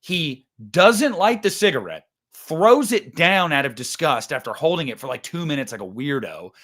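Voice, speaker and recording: A man hosting a casual movie discussion, animated and swearing freely, acting out scenes. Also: a little high, moderate pace. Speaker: podcast host.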